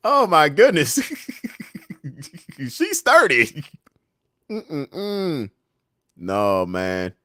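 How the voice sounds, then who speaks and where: A man from Washington, D.C. reads his viewers' comments off a livestream, breaking into laughter again and again. His voice leaps up and down in pitch while his delivery stays slow. The sound is close-miked and dry. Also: dry recording. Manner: laughs often, reads chat comments aloud, animated reactions. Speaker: livestream host reading chat. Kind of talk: casual livestream chat.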